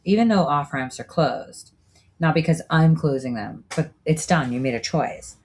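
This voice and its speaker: A woman's voice: low voice, moderate pace, darkish tone, slightly rough. A woman hosting a show, delivering a preachy, profane monologue full of rhetorical asides. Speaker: show host. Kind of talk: monologue commentary.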